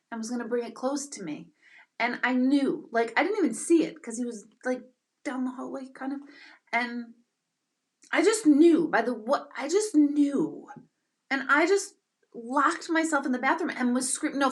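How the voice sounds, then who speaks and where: Animated, bright-voiced woman chatting with viewers. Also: a little high. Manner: animated, excitable storytelling with bursts of loud exclamation. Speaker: livestream host. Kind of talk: casual chat with viewers.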